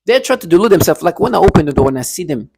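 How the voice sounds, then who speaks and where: Gravelly, agitated man ranting. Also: a little high, sing-song, racing, darkish tone, dry recording. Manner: agitated, repetitive ranting with bitter laughs. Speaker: vlogger. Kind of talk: angry monologue to camera. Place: apartment.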